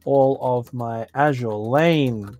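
A man's voice: medium pitch, takes it slowly, darkish tone, no echo, soft background music. A young man co-hosting a casual podcast, joking and laughing a lot as he chats. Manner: laughing, joking, puts on regional voices. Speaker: podcast co-host. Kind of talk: casual chat.

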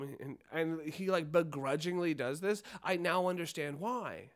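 A young man and podcast co-host telling an animated, swear-filled story in casual chat. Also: fairly high pitch, unhurried.

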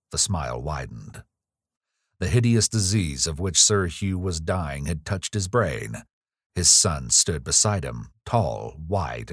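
A man narrating a gothic ghost story in a measured, grave reading. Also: deep voice, no echo, studio quality.

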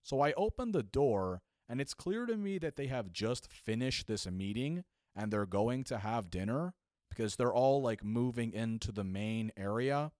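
Young male storyteller, casual and animated, acts out voices, dead-dry recording. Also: medium pitch, no room sound. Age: young adult. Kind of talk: comedic storytelling.

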